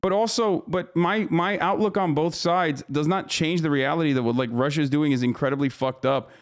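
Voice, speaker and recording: A man's voice: on the high side, fairly quick, clean tone. A man streaming live, giving casual, profane and incredulous commentary as host.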